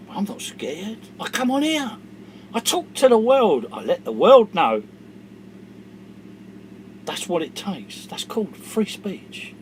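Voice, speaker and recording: A middle-aged man, ranting to camera in an angry monologue that swings from low mutters to shouting. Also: sing-song, takes it slowly, pauses often, a little hiss or hum. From England. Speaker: vlogger.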